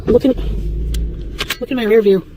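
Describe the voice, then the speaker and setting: A woman's voice: fairly high pitch, steady tone, moderate pace, warm tone. A woman vlogging from inside a car at night, swearing a lot and nervously talking to her viewers. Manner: swearing, jittery, talks to viewers. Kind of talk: vlog filmed while driving. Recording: noisy car interior clip.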